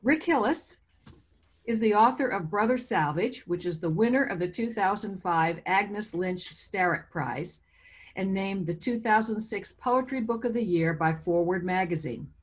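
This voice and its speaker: A woman who owns a bookstore, hosting and introducing poets at a reading held over video call, in a chatty, informal manner. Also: medium pitch. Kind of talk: introducing a virtual poetry reading.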